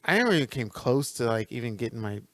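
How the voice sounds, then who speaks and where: A man's voice: mid-range voice, very animated, fast talker, no room sound, clean studio sound. A man co-hosting a podcast in casual banter, joking and laughing often mid-sentence, recorded at a friend's house. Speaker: podcast co-host.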